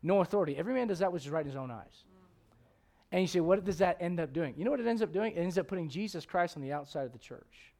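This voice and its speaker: A man preaching a sermon as pastor, swinging between loud emphatic questions and low, quiet asides. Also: lively intonation, fast.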